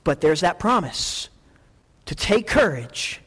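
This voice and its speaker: A middle-aged man preaching a sermon, telling stories with lively energy and frequent restarts. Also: on the high side, takes it slowly, husky. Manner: animated storytelling with many restarts. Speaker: pastor. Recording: long hall reverb.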